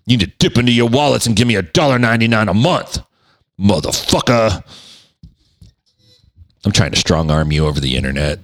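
A man hosts a podcast from his home den with lively, swooping intonation. He rants in a profane, sarcastic way, and his mic sound is close and dry. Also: lowish voice, a little fast, pauses often, dry recording. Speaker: podcast host. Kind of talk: casual comedic rant. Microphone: studio microphone.

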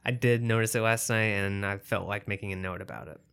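A man's voice: on the low side, fairly even intonation, brisk, a bit bright, clear, resonant tone. A man co-hosting a podcast in casual chat, talking loosely and hedging his points with fillers. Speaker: podcast co-host.

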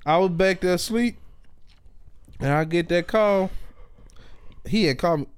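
A man's voice: sits high, measured pace, clear, resonant tone. A man from Louisiana telling stories in a casual comedic podcast chat, laughing often. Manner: animated storyteller who often breaks into laughter. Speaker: podcast co-host.

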